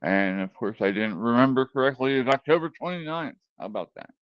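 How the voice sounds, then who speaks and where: A man's voice: medium pitch, fairly quick, clean tone, no echo. A man hosting a live stream, chatting casually with viewers and putting on an over-enunciated radio voice. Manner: relaxed, chatty, greets chatters by name. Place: home room with cats. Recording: dull, dry home mic sound.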